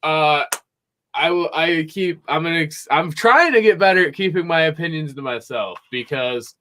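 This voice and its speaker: Young guy hosting a podcast from his music room, kinda high voice, swears a ton, rambles all over. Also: normal speed, slight background noise. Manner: profane, rambling, excitable. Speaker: podcast host. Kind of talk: casual chat.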